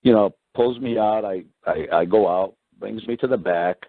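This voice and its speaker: A man casually telling a story, acting out what others said in a higher voice and often adding "right?" and clearing his throat. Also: moderate pace, dry recording. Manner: animated retelling, acts out quoted voices higher, keeps adding "right?". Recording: dry tinny phone-line sound.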